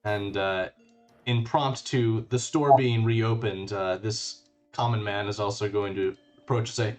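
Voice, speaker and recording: Man, game master, tabletop game narration, relaxed, fairly low voice, soft music behind. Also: measured pace.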